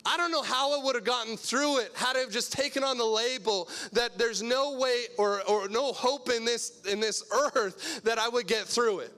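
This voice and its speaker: A young adult man with a very high voice preaches a sermon as pastor. He tells a personal story earnestly, moving between hushed and loud passages.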